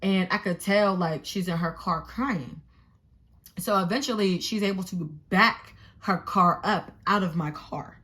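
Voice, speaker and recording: A young adult woman telling a storytime in a casual, animated, profane and exasperated way. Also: medium pitch, unhurried. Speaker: vlogger.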